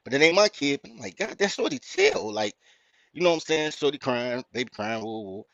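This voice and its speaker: A man with a Chicago accent, hosting a podcast and telling a story in a blunt, profane, animated rant. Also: medium pitch, brisk, no echo. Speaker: podcast host. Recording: dry, muffled lo-fi audio.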